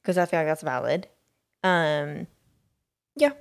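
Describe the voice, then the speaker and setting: A woman's voice: deep voice, a little slow, gravelly. A woman co-hosting a podcast, talking in a rambling, hesitant way and searching for her words. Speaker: podcast co-host. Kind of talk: casual chat.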